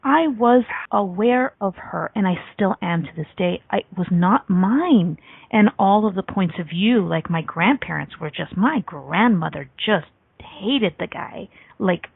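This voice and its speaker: A woman's voice: medium pitch, expressive, unhurried, gravelly, husky, dry recording. A woman hosting a radio talk show, telling a personal story in a casual chat with a lot of "like" fillers. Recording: dry, tinny phone-line sound.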